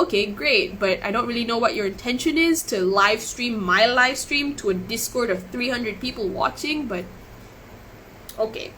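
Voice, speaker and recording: This woman speaks on the high side, bright and forceful, captured in a low-quality recording with slight hiss or hum. Upset and emotional, she recounts events on a live stream via webcam or phone, rambling and restarting her sentences repeatedly.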